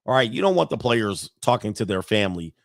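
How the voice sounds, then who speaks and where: A man hosting casual sports commentary, animated and laughing often, with sudden high-pitched outbursts. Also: a little fast, gravelly, no echo, clean studio sound.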